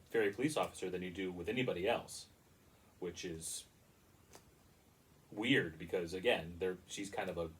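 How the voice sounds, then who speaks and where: A man talks through his take on a movie in a loose, meandering way, doubling back on his words as he criticizes it. His voice sits a little low and is picked up from some distance off the mic. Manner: rambling, critical, frequent restarts. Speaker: movie reviewer. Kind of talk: casual spoken review.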